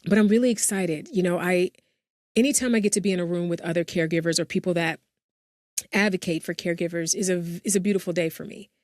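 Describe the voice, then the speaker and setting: A woman's voice: fairly low pitch, steady tone, fast talker, darkish tone, no room sound, studio quality. A woman speaking as an interview guest about family caregiving, earnest and open, often saying "you know". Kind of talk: heartfelt interview conversation.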